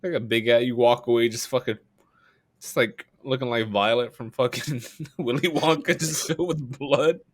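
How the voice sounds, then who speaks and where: A man co-hosting a casual comedy podcast, joking and laughing often, reading out the sign-off. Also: normal speed. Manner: laughing, joking, animated pitch swings. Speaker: podcast co-host.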